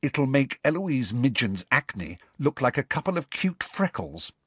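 A man voicing a clever, bossy teenage schoolgirl in a brisk, lecturing manner for an audiobook. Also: medium pitch, sing-song, a bit bright, slightly rough, no room sound, pitched above the performer's own voice, exaggerated voice. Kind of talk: audiobook character voice.

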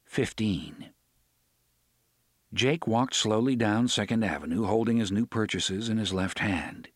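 A man reading an audiobook with measured, expressive storytelling. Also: on the low side, no echo, studio quality. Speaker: audiobook narrator. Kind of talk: scripted narration.

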